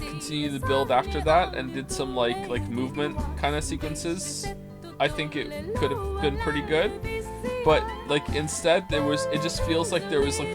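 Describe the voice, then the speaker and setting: A man streaming a video game, giving blunt, profane, rambling commentary over game music. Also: a little high. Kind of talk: casual playthrough commentary.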